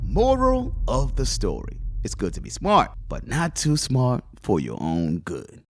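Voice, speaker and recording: A man narrating a comic animated story from his childhood in a punchy, slangy way. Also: mid-range voice, measured pace, dry recording. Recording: voice over background music.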